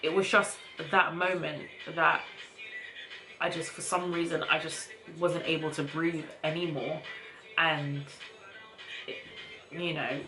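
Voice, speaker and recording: A young woman vlogger casually telling a personal story to camera in a chatty, animated way, with slang. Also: deep voice, slow, long pauses, music in the background, poor audio.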